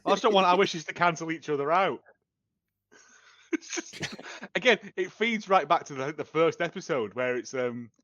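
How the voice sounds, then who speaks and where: A bright, forceful man chats casually on a review podcast, laughing often and jumping up into excited bursts as he retells scenes. The sound is a little dull and lo-fi, and the room is dry. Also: on the high side, moderate pace, dry recording. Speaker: podcast co-host.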